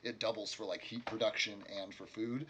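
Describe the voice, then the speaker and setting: Rambling, bright-voiced male game master. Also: on the low side, flat delivery, fairly quick, a little hiss or hum. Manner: rambling with many fillers. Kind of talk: narrating a tabletop game.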